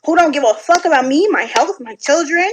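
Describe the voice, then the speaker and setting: A woman giving casual reaction commentary from home at night, animated, sassy and blunt, swearing freely. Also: high voice, fairly quick, slight background noise, low-quality recording. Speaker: online commentator reacting to videos.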